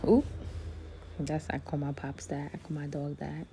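Casual podcast host, young woman, deep warm tone, blunt and profane, talks straight to listeners. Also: level tone, measured pace, husky. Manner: candid and profane, addresses listeners as loves. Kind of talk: casual motivational monologue.

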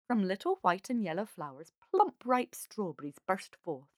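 A woman reading a fairy tale aloud as a calm, measured storyteller. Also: medium pitch, no echo, clean studio sound.

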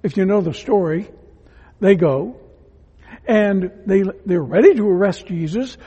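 A man preaching a sermon as a pastor, earnest and emphatic, at times dropping to a hush. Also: high-pitched, a little slow, breathy edge, in a large hall, lo-fi sound. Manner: earnest, emphatic preaching that drops to hushed tones.

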